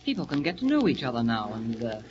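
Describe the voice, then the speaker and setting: An actor playing a polite, eager English schoolboy who talks with halting manners, in 1940s radio acting. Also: male voice, medium pitch, huge pitch swings, a little mellow, faint music behind. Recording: muffled 1940 radio broadcast with hiss.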